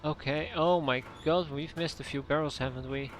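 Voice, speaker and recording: A man's voice: a little high, fairly even intonation, normal speed, a little hiss or hum. A man streaming a role-playing game, reading the on-screen text aloud with wry, sighing remarks.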